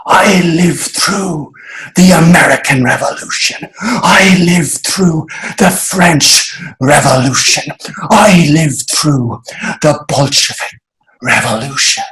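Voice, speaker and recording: A man putting on a defiant old potato with a thick Irish accent. He quavers near tears and declares each line with passion. His voice runs slightly high and loud. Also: slow. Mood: impassioned.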